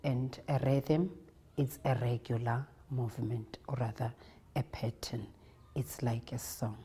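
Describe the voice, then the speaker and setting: A South African woman, a primary school teacher, calmly explaining how she teaches her lessons. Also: very deep voice, measured pace, slight background noise. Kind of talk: reflective interview narration.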